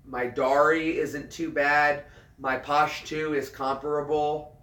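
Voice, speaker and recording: A man in his thirties, a military veteran, chatting casually on a livestream, earnest and halting, often repeating himself as he restarts a thought. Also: a little high, level tone, fairly bright tone. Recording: roomy sound, mic at a distance.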